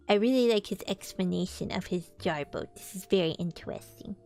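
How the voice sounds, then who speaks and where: Animated young woman streamer reading aloud. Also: fairly low pitch, fairly quick, gravelly, few pauses. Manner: animated, chatty asides, gasps and laughs. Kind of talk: casual read-aloud stream. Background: faint background music.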